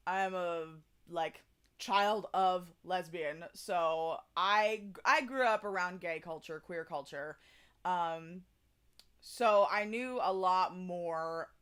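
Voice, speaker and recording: A woman's voice: fairly low pitch, a bit bright, clear, resonant tone. A young adult woman chatting casually to her stream audience, rambling with many fillers and restarts. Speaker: streamer hosting a karaoke stream.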